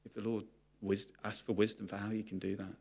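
A man's voice: lowish voice, little pitch movement, a little fast, creaky, darkish tone, husky. A man preaching a sermon to his congregation, candid and confessional about his own struggles. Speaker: pastor.

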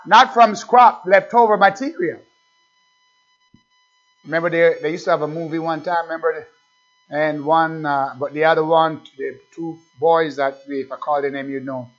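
A male pastor preaching a sermon in an animated way, firing rhetorical questions at the congregation. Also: fairly high pitch, normal speed. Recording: dull lo-fi recording with faint music.

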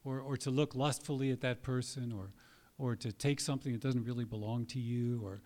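Male preacher, mid-pitched voice, earnest and emphatic, sermon delivery with dramatic pauses. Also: steady tone, darkish tone.

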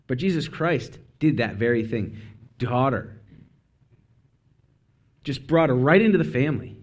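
A man preaching a casual, conversational sermon, full of asides and quick self-corrections. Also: medium pitch, a little mellow. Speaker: speaker.

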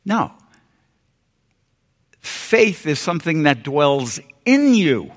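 A man's voice: on the high side, vocal fry. Older man preaching in a reverberant hall. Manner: earnest, folksy preaching with repeated phrases and sudden quiet drops. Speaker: pastor. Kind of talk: sermon. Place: church sanctuary.

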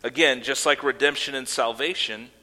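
A man's voice: medium pitch, normal speed, bright, forceful tone. A man preaching a sermon as pastor, earnest, with casual asides and fillers. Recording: long hall reverb.

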